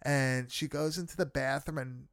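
In a clean, dry studio recording, a medium-pitched man with fairly even intonation and a fairly bright tone chats at a moderate pace. He loosely recaps a horror movie with friends, swearing a lot and using many fillers.

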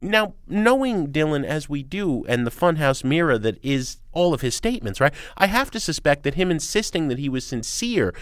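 Animated guy radio critic, slightly high voice, ranting emphatic and sarcastic, dry close mic. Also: smooth, no echo. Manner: emphatic, sarcastic, quick asides. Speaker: radio show co-host and music critic. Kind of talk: animated opinionated chat.

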